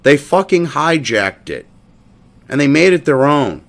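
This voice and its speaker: A man's voice: a little high, very animated, unhurried, gravelly, a bit bright. Guy ranting and cussing on his commentary show, mocking, voice jumps all over. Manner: profane, mocking, combative. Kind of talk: ranting commentary reading a statement.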